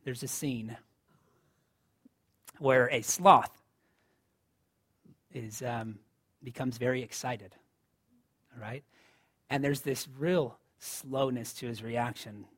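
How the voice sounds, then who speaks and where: A man's voice: mid-range voice, steady tone, takes it slowly, pauses often, husky. A man preaching a sermon in a conversational style, rising to emphatic lines. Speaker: pastor.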